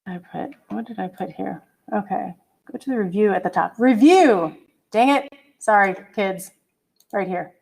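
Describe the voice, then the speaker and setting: Gravelly and mid-range, her voice moves at a moderate pace. The middle-aged woman is teaching an online college English class through a computer mic on a video call, chatty and apologetic and humming as she searches for files.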